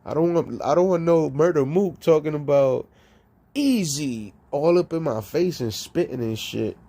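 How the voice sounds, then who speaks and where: Male streamer, casual chat, profane, laughs a lot, loud then muttering. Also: normal speed. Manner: rambling and profane, laughing between lines; animated, jumps between loud outbursts and low mutters. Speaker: streamer and rapper.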